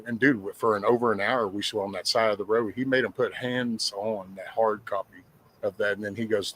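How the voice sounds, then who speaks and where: A man's voice: lowish voice, steady tone, brisk, rough recording. A middle-aged man, telling blunt, profane stories in casual podcast talk. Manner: rough-spoken, profane, plainspoken. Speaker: guest sharing life stories.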